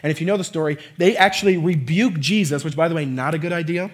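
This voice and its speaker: A man preaching a conversational sermon, often checking in with "right?" and "okay?" and swinging from quiet asides to shouting. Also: fairly high pitch, fast talker.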